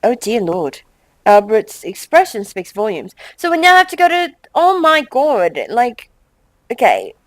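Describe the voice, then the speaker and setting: A young woman hosting a game let's play, chatting with quick exasperated asides and reading game text aloud. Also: on the high side, very animated, dry recording, low-quality recording.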